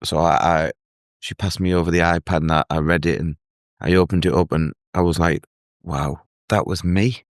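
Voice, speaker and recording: An earnest man telling his own story as a guest in an interview, halting and restarting as he speaks. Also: deep voice, steady tone, no echo, clean studio sound. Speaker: guest, mental health advocate. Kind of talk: emotional personal story in an interview.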